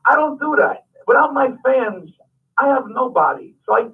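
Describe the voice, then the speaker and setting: A man's voice: very high-pitched, sing-song, normal speed. A man who is a comedian guest, talking animatedly and emphatically in a radio interview. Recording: tinny phone-like radio sound from the mic's distance.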